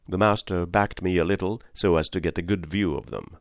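A man narrating an audiobook in a calm, measured storytelling manner. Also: deep voice, no room sound, clean studio sound. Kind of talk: scripted narration.

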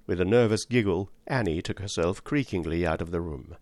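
A man narrating an audiobook in the first person with expressive, scripted storytelling. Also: low-pitched, fairly quick, few pauses, no room sound.

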